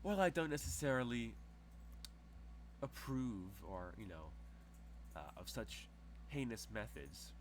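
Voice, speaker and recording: A man's voice: lowish voice, animated, slow pace, noisy background. A man voicing a haughty, wealthy woman who talks down to everyone in a condescending drawl.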